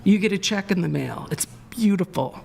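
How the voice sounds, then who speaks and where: Woman telling an excitable rambling story. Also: fairly low pitch, normal speed, vocal fry, slight background noise. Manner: excitable, rambling, restarts often, laughs while telling. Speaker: guest. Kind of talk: animated storytelling on a live show.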